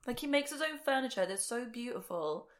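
Young woman, podcast co-host, wry asides, lively pitch. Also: a little fast. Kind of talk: casual podcast chat.

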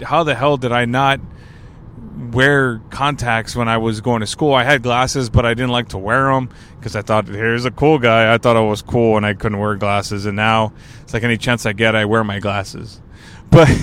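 A Texas man in his thirties hosts his podcast from a moving car, rambling through a casual solo monologue with joking asides into a portable recorder. His voice is medium-pitched and fairly bright, with a little hiss or hum in the background.

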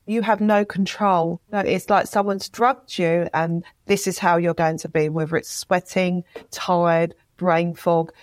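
A woman's voice: fairly low pitch, a little slow, hardly any pauses, dry recording. A woman, a writer speaking as an interview guest, retelling her experience with feeling and acting out quotes. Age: 50s. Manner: emotional, animated retelling with acted-out quotes. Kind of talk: candid interview talk.

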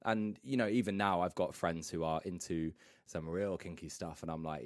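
A man's voice: sits low, moderate pace, dry recording, studio quality. A young man from the UK, a radio presenter, chatting casually on a podcast, laughing often and joking about himself.

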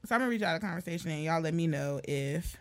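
A woman's voice: low-pitched, expressive, fast. A young woman on a casual podcast, candidly telling a dating story and reading text messages aloud. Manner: candid storytelling, reads texts aloud, laughs loudly. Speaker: podcast co-host.

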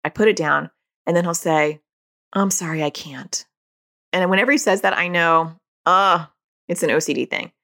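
A woman's voice: lowish voice, fairly quick, vocal fry, fairly bright tone. A woman hosting a podcast, explaining in a casual conversational way and acting out dialogue in quoted voices. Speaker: podcast host; parent.

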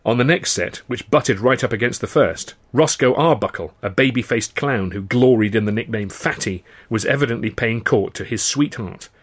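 A middle-aged man reading his own novel aloud in dry, measured first-person narration. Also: mid-range voice. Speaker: author and audiobook reader.

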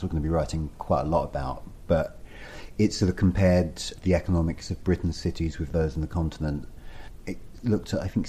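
A man, co-hosting a podcast in easygoing, animated conversation. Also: very deep voice, slight background noise. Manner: chatty, animated, self-deprecating. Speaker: podcast co-host. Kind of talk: casual conversational chat.

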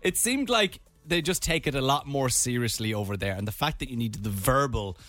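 A man's voice: mid-range voice, expressive, a little fast, fairly bright tone, no room sound. A young Irish man hosting a radio show, telling a funny travel story in casual chat and acting out voices. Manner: playful storyteller, acts out voices. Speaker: radio host.

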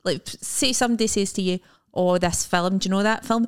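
Chatting casually as a podcast co-host, a young Scottish woman rambles and performs small snippets of quoted dialogue. She speaks briskly and smoothly, with a medium pitch and a steady tone.

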